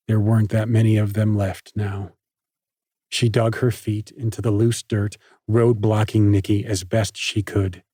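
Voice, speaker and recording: Slow, husky male audiobook narrator. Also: lowish voice, dry recording, clean studio sound. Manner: measured, even storytelling. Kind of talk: scripted narration.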